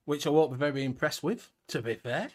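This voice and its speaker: A man's voice: on the high side, a little fast. A man with a Northern English accent hosting a casual livestream chat, swearing freely and chuckling as he talks. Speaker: host.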